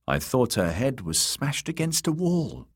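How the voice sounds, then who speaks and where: A man voicing an eager young man who asks quick questions. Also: medium pitch, sing-song, breathy edge, no echo, studio quality, pitched above the performer's own voice.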